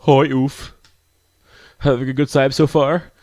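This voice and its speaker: A man's voice: mid-range voice, little pitch movement, a little slow, dry recording, close to an everyday voice. Man putting on a cheerful girl club president. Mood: friendly. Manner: warm, encouraging, chatty. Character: confident friendly teenage girl club president.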